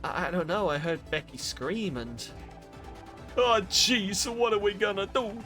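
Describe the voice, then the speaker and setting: A man's voice: a little slow, pushed and bright, faint music behind. A man voicing a nervous, stammering security guard who gets queasy at the sight of blood. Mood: panicked. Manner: flustered, stammering, high and strained.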